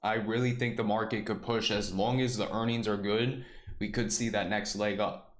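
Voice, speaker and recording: Hoarse man doing market commentary. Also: fairly low pitch, roomy sound. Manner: relaxed, reads out price levels slowly. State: losing his voice from a sore throat. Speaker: stock trading livestream host. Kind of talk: casual live market commentary.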